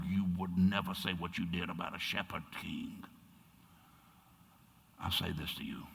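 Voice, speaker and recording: An older man preaching a sermon as pastor, turning dramatic and dropping to hushed whispers for emphasis. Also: sits low, gravelly, breathy edge. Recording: long reverb in a church sanctuary.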